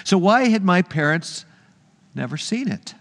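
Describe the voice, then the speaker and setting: A male pastor delivering a sermon, telling a story in an earnest, measured way. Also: high voice, sing-song, a bit bright, long reverb tail.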